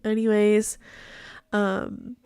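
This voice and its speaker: A woman's voice: medium pitch, level tone, very slow, dark tone, smooth, no echo, studio quality. A young woman hosting a live true crime recap in a casual, blunt way, swearing freely, her voice nasal and stuffed up. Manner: blunt, swears often, laughs while talking. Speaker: true crime livestream host.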